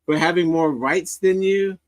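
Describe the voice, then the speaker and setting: Sardonic man with a higher voice. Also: a little slow, poor audio. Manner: rambling and sardonic, with many restarts. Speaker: host of a commentary stream. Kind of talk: casual commentary on social media clips.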